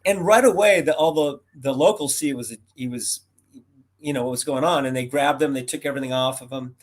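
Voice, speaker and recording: An American man in his sixties, a guest rambling through animated anecdotes over a video call. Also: medium pitch, a little fast. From United States. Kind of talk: casual storytelling interview.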